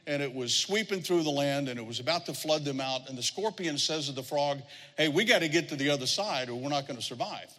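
A middle-aged man delivers a sermon from the pulpit, his voice sitting a little high for a man. He tells stories and slips into the voices of the people he quotes. The sound rings with the long reverb of a large hall. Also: bright, forceful tone. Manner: storytelling, acts out quoted voices. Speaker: pastor.

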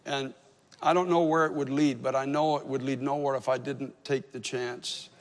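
A man, probably in his fifties, preaches as a pastor in a reverberant hall, delivering a sermon built around a personal story. His mid-range voice keeps a level tone and moderate pace, and his humor is conversational and self-deprecating.

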